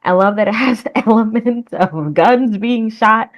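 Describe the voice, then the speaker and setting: A woman's voice: a little high, measured pace, lo-fi sound. A woman hosting a reaction video, chatting casually with laughs and rambling asides. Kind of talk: casual chat.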